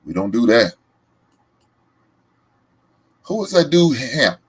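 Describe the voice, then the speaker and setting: A man's voice: mid-range voice, moderate pace, breathy edge. A man from the American South with a Southern accent, hosting a reaction show in casual, emphatic commentary. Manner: animated, emphatic, loud laughs.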